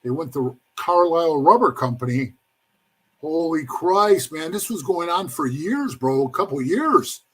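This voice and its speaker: A man with a husky, slightly high voice tells a rambling story in a casual interview. He keeps calling the listener "bro" and acts out the other people in the story in their own voices. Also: very animated, measured pace. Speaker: former motorcycle club member telling his story.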